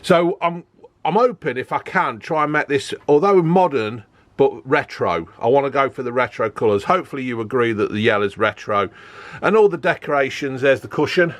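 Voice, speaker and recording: A man's voice: mid-range voice, normal speed, no room sound. A man chatting casually to camera about his camper van build, joking and filling gaps with ums and uhs. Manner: chatty, joking, lots of fillers.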